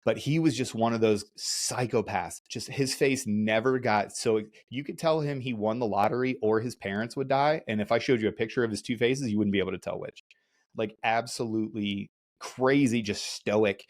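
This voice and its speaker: A man hosting a podcast, casually telling animated stories, acting out voices and laughing often. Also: lowish voice. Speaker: podcast host. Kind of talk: casual storytelling chat.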